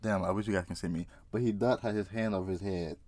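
Profane, excitable man telling a story. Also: low-pitched, quick pace, no echo. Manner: profane, excitable, laughs often. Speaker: vlogger. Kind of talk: casual storytelling to camera.

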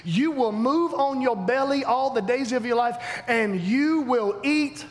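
A man preaching a sermon, animated and emphatic, swinging between loud declarations and hushed asides. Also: extremely high pitch, measured pace. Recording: long hall reverb, faint background noise.

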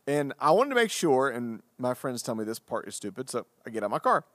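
A man who is a pastor and podcast co-host, telling a story in casual conversation, animated and self-deprecating as he acts out what people said. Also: medium pitch, a little fast, no echo, studio quality.

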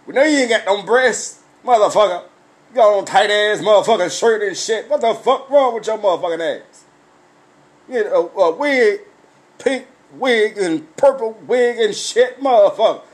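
A man telling a story as a blunt, animated comic rant, swearing constantly and breaking into laughs. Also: high voice.

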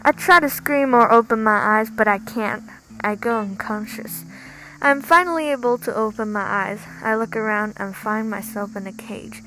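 A woman's voice: a little high, moderate pace, sharp tone, low-quality recording. A woman reading a first-person story aloud in an emphatic, dramatic storytelling manner.

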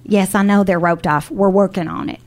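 A snappish female flight attendant who scolds in short, clipped lines, as a woman storyteller puts her on. The voice dips lower than the teller's usual register and sounds cold and dismissive. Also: steady tone, moderate pace, close to an everyday voice. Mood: curt stern. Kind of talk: live storytelling.

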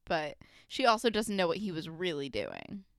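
A young woman co-hosting a podcast, chatting casually with frequent laughs and animated asides. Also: on the low side, normal speed, no room sound, studio quality. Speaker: podcast co-host. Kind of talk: casual recap chat.

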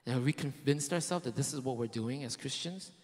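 A man's voice: mid-range voice, brisk, long reverb tail. A man preaching a sermon in a conversational way, asking his listeners rhetorical questions and tossing in casual fillers. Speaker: pastor.

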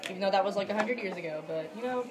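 A woman's voice: medium pitch, racing, a crowd in the background. A young woman co-hosting a school podcast, sarcastic and self-deprecating in casual chat. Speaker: student podcast co-host. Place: school hallway area. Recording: students chattering behind.

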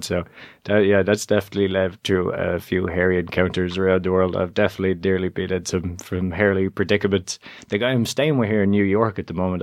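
Animated Irish man telling stories. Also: no room sound, clean studio sound. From Ireland. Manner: animated, jumps to high pitch when quoting himself. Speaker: guest. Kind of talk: conversational storytelling interview.

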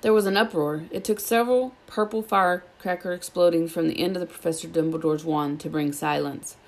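A woman reading a children's novel aloud, with steady, plain narration. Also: on the low side, fairly quick. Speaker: storybook reader.

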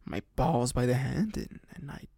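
Young man, podcast storytelling, gravelly husky voice, dry close sound. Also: medium pitch, animated, moderate pace, warm tone, dry recording. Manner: rambling, many fillers and restarts. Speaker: podcast host. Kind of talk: casual storytelling.

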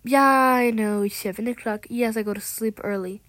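A woman's voice: a little high, fairly even intonation, normal speed, a bit bright, no room sound. A teenage girl ranting casually to camera as a vlogger, dramatic and sarcastic, often correcting herself mid-sentence, recorded on a tablet microphone. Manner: chatty, dramatic and sarcastic, with frequent self-corrections.

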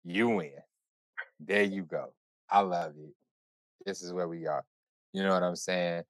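A man hosting a podcast, telling a story in casual chat with animated, profane, run-on delivery. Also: sits low, measured pace, dry recording. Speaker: podcast host.

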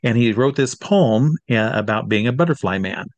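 A middle-aged man from Iowa, an entertainer telling a lively anecdote and acting out the people in it. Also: mid-range voice, moderate pace, no echo, dull audio. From Iowa, USA. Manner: lively storyteller who acts out the people he quotes. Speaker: entertainer guest. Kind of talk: animated anecdote.

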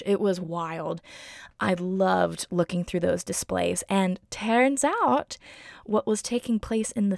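Young woman host, very creaky voice, dry close sound, chatty and effusive storyteller. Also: medium pitch, no echo. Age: young adult. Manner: chatty, gushing, heavy use of "like" and "um". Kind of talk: casual personal storytelling.

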